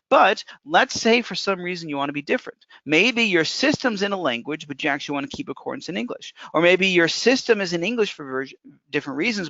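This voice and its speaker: A man, a software developer, walking through a live software demo in a casual, technical way, often thinking aloud. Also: fairly high pitch, no room sound. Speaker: software developer presenting a webinar. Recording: dull lo-fi webinar audio.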